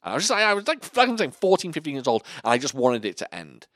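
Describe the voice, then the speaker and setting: Quick-paced and a little high-voiced, this podcast host spins sweary, animated stories and slips into acted-out voices as he chats. The recording is clean studio sound with no echo.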